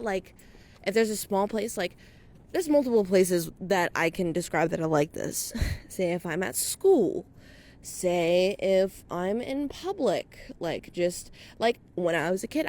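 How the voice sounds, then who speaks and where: Here a young vlogger and podcaster rambles about her own life while out walking at night, swearing casually and a little short of breath from walking. Her voice is fairly high and a touch mellow.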